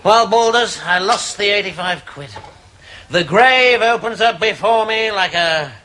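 An actor playing a sardonic, scheming nobleman who speaks with crisp scorn, with studio audience laughter. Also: high voice, animated, unhurried, pushed and bright, full character voice. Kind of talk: sitcom acting.

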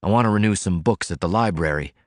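A tired young laborer answers in short, plain words, as read by a male narrator. His voice is low and sits close in a dry recording. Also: fast talker, no room sound, natural voice. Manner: curt, plain replies.

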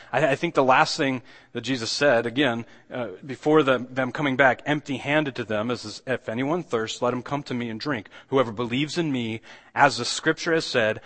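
A male pastor preaching in an easy, conversational manner. He often stops and restarts his sentences, then lifts his voice with emphasis when he drives a point home. His voice sits at a medium pitch for a man. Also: a bit bright. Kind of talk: sermon.

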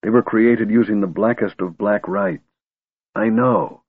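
A man's voice: lowish voice, big pitch swings, a little slow, vocal fry, husky, no room sound, full character voice. A man voicing Raistlin, a cold sardonic mage. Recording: tinny narrow-band recording.

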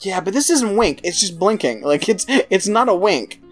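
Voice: medium pitch, very animated, normal speed, faint music behind. A podcast co-host recapping a movie in casual chat, with sarcastic, exasperated asides.

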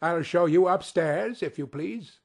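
A man reading an audiobook, voicing a polite young servant girl who speaks quietly. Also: high voice, a little slow, vocal fry, exaggerated voice. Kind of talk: storybook reading.

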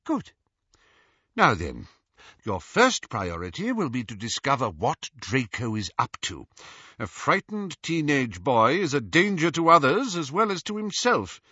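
A man voicing a gentle, very old headmaster wizard with a measured, lightly wry way of talking, as an audiobook character. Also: mid-range voice, big pitch swings, husky, no echo, highs cut off, voice pushed up, exaggerated voice. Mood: grave. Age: older.

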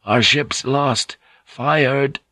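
A man's voice: mid-range voice, sharp tone, no echo, clean studio sound, voice pushed up, full character voice. A man doing a dazed, desperate ship's pilot. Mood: anguished. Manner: halting, strained, desperate.

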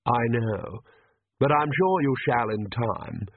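A man doing a suave, slow young vampire. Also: mid-range voice, lively intonation, no echo. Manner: slow, smooth and polite. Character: suave young male vampire, coolly menacing. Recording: tinny phone-like dry audio.

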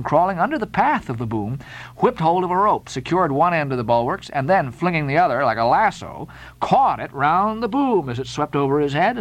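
A man reading a classic novel aloud as an audiobook narrator, dramatic and expressive. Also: fairly high pitch, poor audio.

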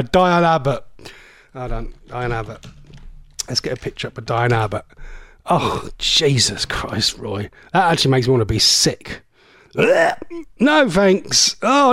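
A man's voice: on the high side, no echo, clean studio sound. A man, hosting a radio show in a jokey, chatty way and slipping into silly impressions. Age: 40s. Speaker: radio presenter. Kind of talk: casual radio chat.

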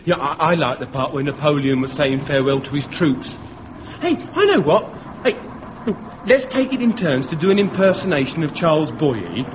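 A naive young private, eager and boyish. His slightly high voice bounces around as he chatters. The old radio recording sounds dull and hissy. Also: big pitch swings, normal speed.

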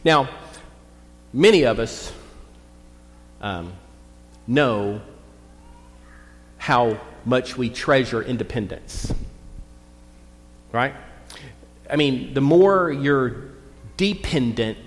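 A male pastor gives a relaxed, folksy sermon at a middle pitch. He reads the scripture slowly and deliberately, and his voice trails into a long church reverb. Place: church sanctuary.

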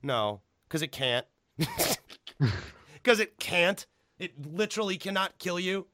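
A man hosting a casual chat, ranting animatedly with a lot of swearing, and jumping to high pitch when he stresses a point. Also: expressive, takes it slowly, bright, forceful tone, dry recording.

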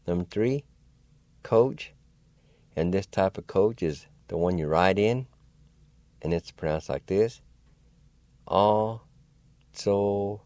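A man hosting a radio language lesson, slowly spelling words out letter by letter and sounding out syllables in an encouraging, folksy way. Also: sits low, warm tone, dry recording. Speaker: radio host and language teacher.

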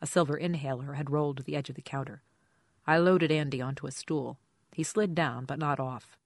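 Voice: medium pitch, fairly even intonation, brisk, no room sound, studio quality. Wry hard-boiled detective narrator. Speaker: audiobook narrator. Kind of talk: first-person detective narration.

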